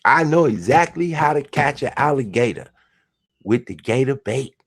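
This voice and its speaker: Man, host, profane mocking rant, gravelly voice, very lively pitch. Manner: crude, mocking, swings between shouts and mutters. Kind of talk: profane ranting monologue.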